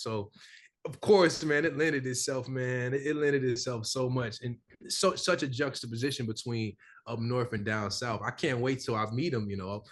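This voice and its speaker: A young man from the American South, an actor chatting casually in an interview, animated and full of repeated fillers. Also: medium pitch, normal speed. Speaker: actor guest.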